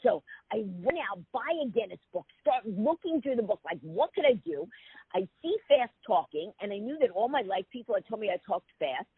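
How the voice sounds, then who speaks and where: A woman guest spins a quick, comic anecdote and voices each person she quotes. Her pitch jumps around a lot and her voice is a little husky. The sound is thin and phone-like, and the room is dry. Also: sing-song, no echo. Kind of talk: storytelling interview. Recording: tinny phone-line sound.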